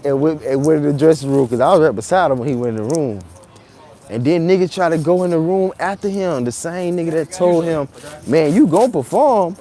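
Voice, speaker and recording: A man's voice: a little high, a little fast. A man, telling a story live while walking city streets in the rain, recorded on a phone. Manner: animated retelling, acts out quotes loudly, then muses quietly. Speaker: vlogger.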